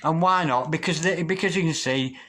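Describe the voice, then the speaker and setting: A man with a fairly high voice reads tarot cards aloud. He talks gently and gushes over the cards, then sinks into a low repeated chant to call on the spirits. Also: a little fast. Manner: gentle, gushing, repeats invocations in a lowered chant. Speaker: tarot reader. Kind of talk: tarot reading with spoken invocations.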